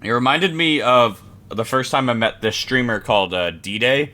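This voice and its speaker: Bright-voiced young man telling stories. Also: mid-range voice, normal speed. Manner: rambling storyteller, self-mocking. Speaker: podcast co-host. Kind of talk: casual chat, storytelling.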